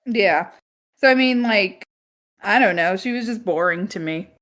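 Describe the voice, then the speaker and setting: A woman's voice: mid-range voice, animated, measured pace, fairly bright tone. A woman co-hosting a movie podcast, chatting casually, often groaning and laughing. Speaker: podcast co-host.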